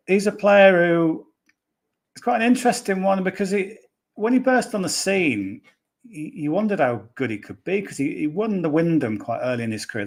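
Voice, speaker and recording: A man giving a casual golf betting preview on a podcast, rambling and chatty with plenty of fillers and restarts. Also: fairly high pitch.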